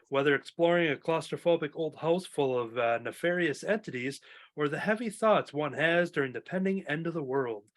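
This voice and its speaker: A man's voice: a little high, a bit bright. Casual male podcast host. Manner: loose, filler-heavy, reading previews aloud. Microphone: home recording mic.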